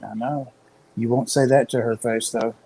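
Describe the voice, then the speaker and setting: A man's voice: medium pitch, steady tone, normal speed, dark tone, a little hiss or hum, poor audio. A man co-hosting a livestream, chatting casually with dry, wry remarks. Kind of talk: casual chat.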